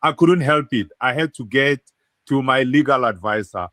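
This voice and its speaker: A man presenting a show in a scripted, announcing manner with dramatic framing. His voice sits at a middle pitch and sounds completely dry, with no room around it. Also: moderate pace, fairly bright tone, no room sound.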